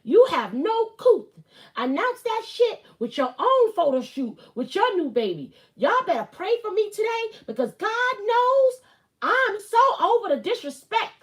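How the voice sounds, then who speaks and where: A woman putting on an exaggerated accent and voice for an angry, fed-up woman, reading slowly with heavy emphasis. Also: sing-song, heavily acted. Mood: indignant. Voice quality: high, drawn-out and exaggerated. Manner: slow, emphatic reading of a post in a put-on accent. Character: angry fed-up woman airing grievances, mock-dramatic.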